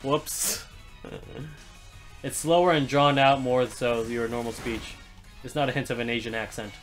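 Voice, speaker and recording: A man's voice: medium pitch, steady tone, a little slow, soft background music. A man streaming a live let's play, chatting with viewers, laughing often and joking between moves. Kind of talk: live gameplay commentary.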